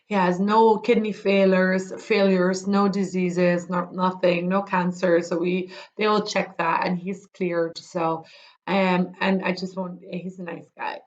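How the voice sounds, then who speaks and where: A woman's voice: fairly low pitch, level tone, a little slow. Rambling woman, lo-fi. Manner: rambling, many ums and restarts. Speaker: podcast host. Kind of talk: casual knitting podcast chat.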